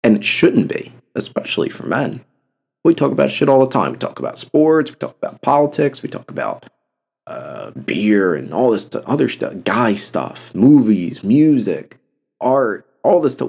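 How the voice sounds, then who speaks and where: A man's voice: fairly low pitch, gravelly, a little mellow, breathy edge. A young man hosting a solo podcast, talking bluntly and passionately with heavy cursing. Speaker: podcast host. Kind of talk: casual solo podcast talk.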